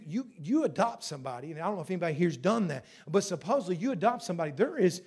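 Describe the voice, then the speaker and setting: High-voiced earnest male pastor preaching. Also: darkish tone, husky. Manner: earnest, repetitive preaching cadence. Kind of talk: sermon and congregational prayer.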